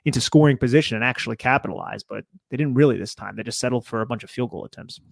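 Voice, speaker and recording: A man co-hosting a casual sports podcast, animated and conversational with a loose, filler-heavy delivery. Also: medium pitch, very fast, vocal fry, no room sound. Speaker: podcast co-host.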